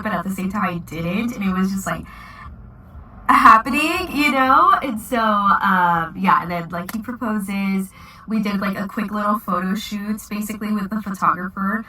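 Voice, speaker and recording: A woman's voice: medium pitch, sharp tone, distant mic, low-quality recording. A woman in her twenties telling a casual storytime vlog, chatty and full of "like" fillers. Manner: chatty, many "like" fillers, giggly. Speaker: vlogger.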